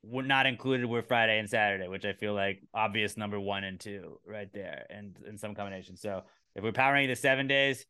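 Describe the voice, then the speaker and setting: A man's voice: fairly low pitch, fairly quick, hardly any pauses, pushed and bright, clear, resonant tone. A man hosting a casual comedy podcast, talking in a loose, rambling way and swearing now and then. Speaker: podcast host.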